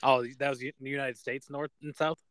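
A man's voice: medium pitch, little pitch movement, fairly quick, a bit bright, clear, resonant tone, no room sound. A young man co-hosting a podcast, chatting casually, swearing often and laughing at himself. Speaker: podcast co-host. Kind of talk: casual chat.

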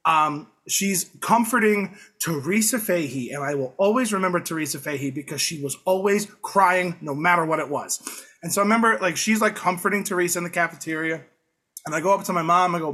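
A young man from Long Island in his late twenties, chatting casually on a podcast. His voice sits high and bright with a husky edge, and he tells stories in a loose, rambling way, chuckling as he goes. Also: fairly quick. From Long Island, New York. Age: late 20s. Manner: rambling storyteller, laughs through his lines. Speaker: podcast guest. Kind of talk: casual chat.

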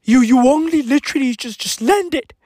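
A woman's voice: high-pitched, a little mellow, dry recording, studio quality, pitched above the performer's own voice. A woman voicing a clingy male superhero who pleads in a whiny voice. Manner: whiny, pleading, rapid questions.

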